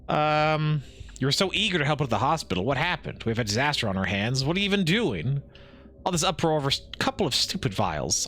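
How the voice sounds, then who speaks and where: A man streaming a game live, reading the dialogue aloud with quick asides and frequent laughs. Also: medium pitch, sing-song, fairly bright tone.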